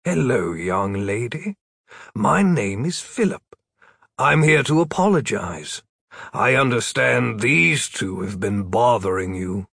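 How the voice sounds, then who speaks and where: A man voicing a prim, kindly male wizard in a storybook reading, measured and gently scolding. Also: medium pitch, expressive, gravelly, breathy edge, no room sound, clean studio sound, exaggerated voice.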